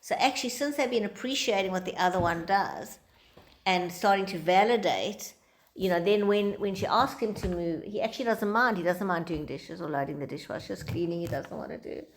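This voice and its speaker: A woman's voice: fairly low pitch, fairly quick, a little hiss or hum. A woman teacher giving an informal lecture to a small group, talking conversationally and acting out quoted dialogue in different voices.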